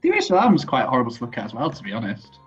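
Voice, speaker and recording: A woman's voice: very deep voice, wildly swooping pitch, rapid-fire, soft background music. A woman co-hosting a casual drawing game, playful and cheeky, often laughing. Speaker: co-host. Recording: dull lo-fi recording.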